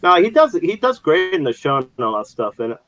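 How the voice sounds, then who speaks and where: A man's voice: on the high side, very animated, fairly quick, fairly bright tone, no room sound, low-quality recording. A man co-hosting a casual podcast, rambling with many fillers and restarts. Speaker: podcast co-host. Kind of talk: casual chat.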